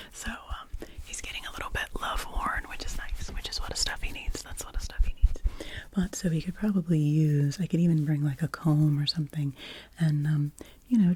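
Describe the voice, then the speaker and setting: A woman hosting ASMR, chatting in a soft, meandering, playful whisper and softly repeating her phrases. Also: low-pitched, breathy edge, dry recording. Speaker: ASMR channel host.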